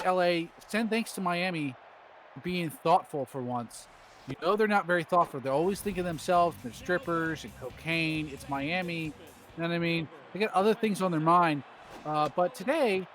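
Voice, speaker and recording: A man's voice: high-pitched, lively intonation, normal speed, a bit bright, slight background noise. A man doing rambling, jokey play-by-play commentary on a baseball video game stream.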